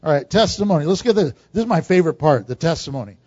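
A man's voice: a little high, lively intonation, fast talker, darkish tone, breathy edge, dry recording. A man preaching a sermon to a congregation in a conversational style, with asides and jokes. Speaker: pastor. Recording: dull, dry recording.

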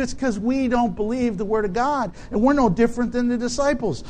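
A man's voice: very high voice, a little mellow. A male pastor preaching a conversational sermon and asking his listeners rhetorical questions.

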